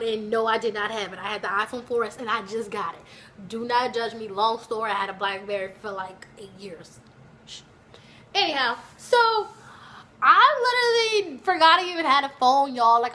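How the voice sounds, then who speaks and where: A young woman vlogger tells a casual story straight to her viewers in a chatty, animated way. Her voice sits high and sounds bright and sharp. A faint hiss runs underneath the recording. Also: brisk.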